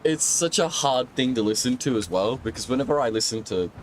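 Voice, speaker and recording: A young Australian man with an Australian accent, sick and sounding rough, chatting casually to his stream while he plays and often laughing. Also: medium pitch, expressive, fairly quick, a little hiss or hum, poor audio. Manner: rambling, laughs often, talks to chat while playing. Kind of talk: casual gaming stream chat.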